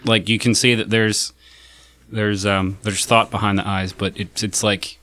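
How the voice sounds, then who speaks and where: A man playing a tabletop role-playing game, describing his character's actions in a deliberate way. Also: lowish voice, level tone, sharp tone. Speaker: player.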